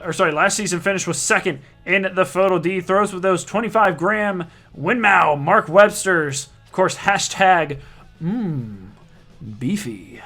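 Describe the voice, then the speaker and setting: A man with a bright, forceful, fairly high voice calls a live online darts league broadcast. He banters casually, cracks jokes, and stops to fix his own slips as he reads through players and stats. Soft music plays faintly underneath. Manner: casual, joking, often corrects himself mid-sentence.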